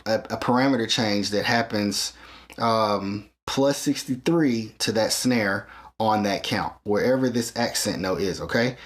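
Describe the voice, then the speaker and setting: Man, synth tutorial host, patient step-by-step explaining, keeps checking in, drum sounds playing behind. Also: on the low side. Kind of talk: hands-on equipment tutorial.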